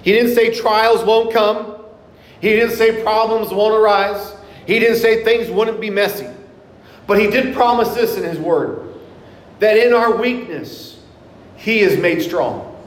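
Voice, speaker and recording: A middle-aged male pastor preaching a sermon, earnest, slowing down for scripture quotes. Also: sits high. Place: church sanctuary. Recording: echoey hall, mic in room.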